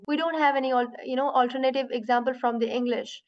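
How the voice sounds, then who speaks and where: A high-pitched woman teaches a beginners' class, patiently repeating each sound and checking in with "right?" between explanations. The recording is dull and lo-fi. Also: steady tone. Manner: patient, repeats sounds slowly, many "you know" and "right?". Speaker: Quran teacher. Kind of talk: online lesson.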